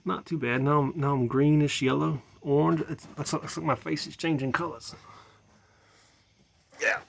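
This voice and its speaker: A man's voice: fairly high pitch, fairly even intonation, moderate pace, vocal fry. Tipsy guy rambling outside at night, says stuff twice, swears a lot, talks to his viewers like they're his kids. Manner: repetitive, swearing, musing aloud, addresses viewers as his children. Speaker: vlogger in a "Mother" persona. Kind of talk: rambling late-night monologue to camera. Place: outdoors at night beside a bar.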